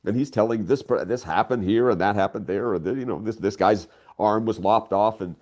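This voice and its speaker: An older man, a writer being interviewed, talking casually and telling stories with lots of excitement. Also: fairly low pitch, a little fast. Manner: animated storyteller, voice leaps up when excited.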